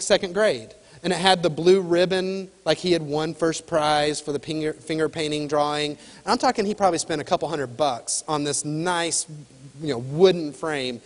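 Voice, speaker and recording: A man giving a keynote sales talk, animated storytelling that acts out the dialogue. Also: fairly high pitch. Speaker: keynote speaker and sales trainer. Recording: reverberant hall.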